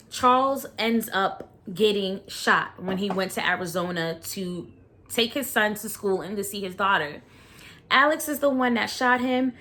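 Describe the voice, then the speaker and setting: A woman's voice: mid-range voice, a bit bright. Blunt, slangy woman vlogger. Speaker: documentary reaction vlogger. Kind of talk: casual reaction commentary.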